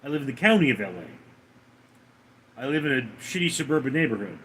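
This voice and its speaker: A man hosting a livestream, reading viewer comments aloud and answering them with dry, deadpan remarks. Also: mid-range voice, moderate pace, a little hiss or hum. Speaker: livestream host reading chat.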